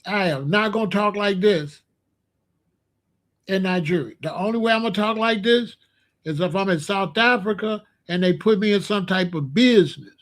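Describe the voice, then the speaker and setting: High-pitched man ranting on camera. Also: normal speed. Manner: animated, with emphatic repetition and loud outbursts. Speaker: commentary vlogger. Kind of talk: casual ranting commentary.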